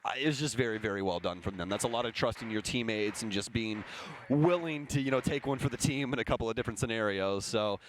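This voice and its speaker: A young man commentating an esports match, mixing analysis with excited play-by-play. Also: on the low side, fast talker, a little hiss or hum. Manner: excitable on big plays, playful banter. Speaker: esports caster.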